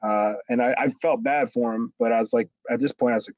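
Guy rambling a wrestling story, mid pitch, dry dull audio. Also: steady tone, a little fast, hardly any pauses, a little mellow, no echo. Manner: rambling, with lots of restarts. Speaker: former wrestler. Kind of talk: storytelling interview.

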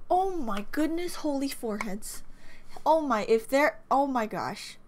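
A woman's voice: high voice, lively intonation, a little slow. A young woman gushing through a reaction video, with lots of repeated exclamations and half-finished words. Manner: gushing, breaks off mid-word, repeats exclamations. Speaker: reaction vlogger. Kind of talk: excited reaction commentary. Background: faint music from the video.

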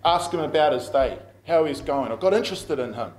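A middle-aged New Zealand pastor, who is also a school principal, delivers a sermon as conversational storytelling, often laughing at his own stories. His voice is a little high for a man and fairly quick, echoing as if in a large room.

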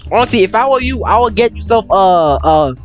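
High, lively young gaming guy. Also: a little fast, soft background music. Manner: excitable slangy chatter, jumpy yelps. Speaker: gaming YouTuber. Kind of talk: horror game let's play commentary.

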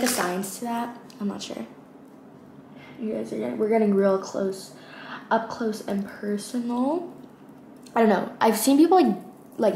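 A woman's voice: medium pitch, darkish tone. A young woman chatting casually through her makeup routine as a beauty vlogger, rambling with lots of fillers. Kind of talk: casual get-ready-with-me chat. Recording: echoey room with faint ambient noise.

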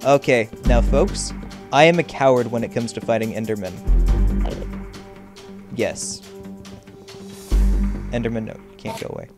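A man's voice: medium pitch, measured pace, pauses often, over music. A young man commentating his own gameplay, jittery and self-mocking, yelping and pleading at monsters. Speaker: Minecraft let's player. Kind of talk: game commentary.

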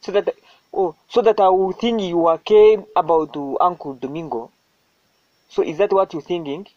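High-voiced man firing accusations. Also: moderate pace, no echo, highs cut off. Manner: accusing, repeatedly demanding why. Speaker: comedian. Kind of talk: comedy skit.

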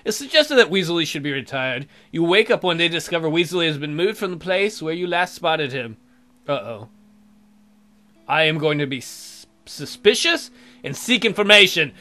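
A man's voice: a little high, lively intonation, normal speed, pushed and bright. A man hosting a let's play, reading the game's text aloud and adding wry, sarcastic asides. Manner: wry, sarcastic running commentary.

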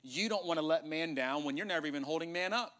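A man preaches a sermon in a church, his voice pitched a little high and bright. He delivers it with animated energy, joking with the congregation and acting out conversations. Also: fast talker. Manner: animated preaching with humor and acted-out dialogue. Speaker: pastor. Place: church sanctuary.

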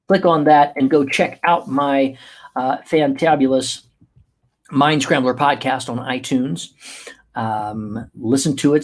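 A man hosting a casual livestream as a podcast host and life coach, talking in an upbeat, playful and chatty way with many fillers. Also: medium pitch.

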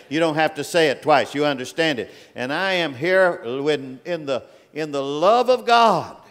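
Booming preacher in a big reverberant hall. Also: male voice. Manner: swings between booming declarations and hushed, low rebukes. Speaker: guest preacher. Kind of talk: sermon. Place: large church auditorium.

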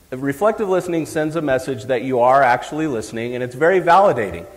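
A middle-aged psychologist gives a live parenting talk in a large hall, chatting and joking with the audience. He's a fast talker with few pauses, his medium-pitched voice expressive, and a long hall reverb trails his words.

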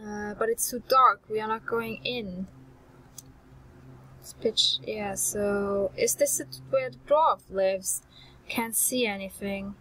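A woman's voice: medium pitch, slow, pushed and bright, slight background noise, low-quality recording. A woman hosting a let's-play, commenting on her gameplay with chatty, self-mocking asides.

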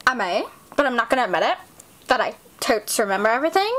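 A woman's voice: on the high side, very animated, fast talker, a bit bright, voice pushed down. A woman voicing a spoiled evil queen who is also the mayor, talking in bratty valley-girl slang in a parody sketch.

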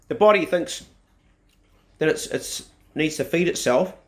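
A blunt, emphatic man talks straight to camera in a casual vlog. His voice sits a little higher than most men's, and he punches his points with the odd swear word. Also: husky. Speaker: vlogger. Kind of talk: casual opinionated talk to camera. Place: outdoors in a garden, then indoors.

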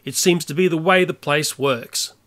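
An older Australian YouTuber delivering an earnest, opinionated rant to camera. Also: male voice, a little high, moderate pace, fairly bright tone. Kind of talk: ranting monologue to camera.

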